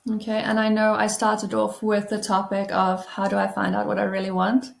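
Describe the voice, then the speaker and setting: A woman giving a gentle, reassuring self-help talk as a healing coach, guiding listeners through slow breathing. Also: medium pitch, monotone, creaky, roomy sound. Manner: soft, soothing, reassuring. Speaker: trauma-informed healing coach.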